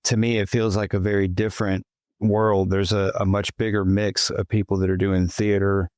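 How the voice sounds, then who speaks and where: A middle-aged man hosts a podcast in an easygoing, conversational voice. His voice sits on the low side and the sound is dry and close. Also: little pitch movement, normal speed, a little mellow, dry recording. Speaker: podcast host. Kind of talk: casual interview chat.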